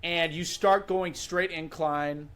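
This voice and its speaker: High-voiced young man telling a story. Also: takes it slowly, clean tone. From Wisconsin, USA. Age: 20s. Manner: animated, vivid recounting with frequent "like" and "you know". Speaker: podcast guest. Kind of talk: casual storytelling.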